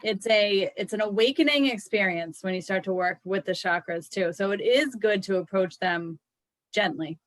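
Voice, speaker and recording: A woman's voice: mid-range voice, moderate pace, dry recording, poor audio. A woman co-hosting a casual chat about yoga, thoughtful, often restarting her sentences and saying "like". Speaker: yoga teacher co-host.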